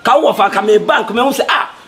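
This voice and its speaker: An actor with a Ghanaian accent playing a lively man who talks with exclamations in Twi. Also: high voice, fast. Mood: boisterous. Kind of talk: film drama acting.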